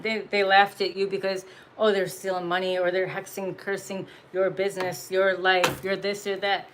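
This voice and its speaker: A woman at a mid pitch talks straight to her viewers as a tarot reader. Her delivery is blunt and peppered with swearing, broken up by frequent laughs and punchy emphasis. Faint ambient noise sits underneath. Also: steady tone, normal speed. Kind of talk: casual spiritual message monologue.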